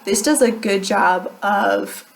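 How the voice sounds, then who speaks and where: A woman's voice: mid-range voice, slow pace, creaky. A young adult woman talking casually as a beauty vlogger, chatty and self-deprecating, laughing often. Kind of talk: casual chat.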